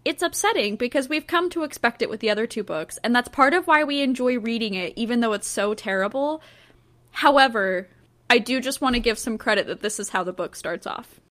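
A woman's voice: fairly high pitch, expressive, fairly quick, fairly bright tone. A young adult woman co-hosting a podcast, chatting casually in a blunt, giggly way. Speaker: podcast co-host. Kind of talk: casual chat.

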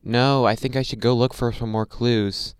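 A man putting on a muffled, higher voice to mock a female adventurer game heroine repeating her lines. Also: fairly even intonation, moderate pace, smooth, no room sound, studio quality, natural voice. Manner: muffled, mocking, higher-pitched impression.

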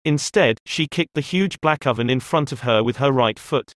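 This audiobook narrator is a man with a mid-range voice who tells the story in a measured, expressive way. The sound has no echo and is of studio quality.

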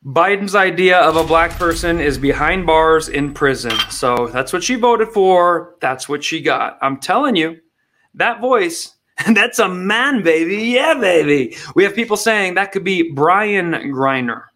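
A man's voice: fairly high pitch, lively intonation, measured pace, sharp tone. A man hosting satirical political commentary in a mocking, sarcastic way. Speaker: comedy host.

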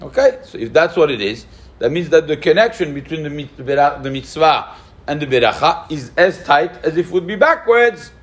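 Animated man teaching a law class. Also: fairly high pitch, a little fast. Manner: lively, questioning, mixes Hebrew terms into English. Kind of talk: spoken Jewish law lesson.

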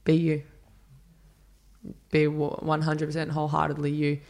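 Chatty man, gravelly voice. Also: a little high, completely flat delivery, normal speed, a little mellow. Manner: chatty storyteller, acts out quotes, many fillers. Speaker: podcast guest, runner. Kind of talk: casual interview chat.

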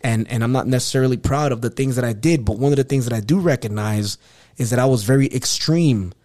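A man from Queens, New York, speaking in an earnest, reflective way about his life. His pitch is in the middle range, and he speaks in a casual conversational tone. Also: fast, a little mellow.

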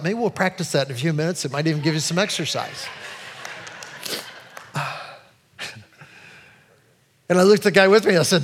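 High-voiced preacher with a rambling delivery. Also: male voice, expressive, a little fast, pauses often, slightly rough, long reverb tail. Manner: rambling, self-interrupting storyteller. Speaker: pastor. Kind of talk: sermon.

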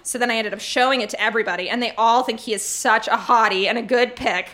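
A woman stands at a stage mic reading her teenage diary to a live audience. Her voice is bright and sits a little high, and she leans into the melodrama with gushing, comic timing. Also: fast. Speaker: live show reader. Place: stage before a laughing audience.

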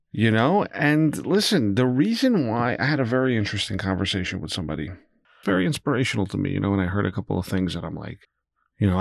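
A man's voice: lowish voice, creaky, no echo, studio quality. Candid, rambling man hosting a podcast. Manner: candid, rambling, swears freely, swings between muttering and animated. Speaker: podcast host. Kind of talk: solo podcast monologue.

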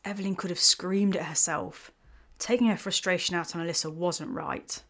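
A woman reading a romance story aloud in an even, measured way. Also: on the low side. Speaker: host and story narrator. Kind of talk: scripted story narration.

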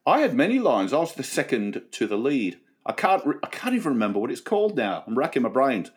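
A man's voice: medium pitch, big pitch swings, fast. A man from Australia co-hosting a comedy podcast, dry and self-mocking, easygoing. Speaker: podcast co-host and author. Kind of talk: casual comedy chat.

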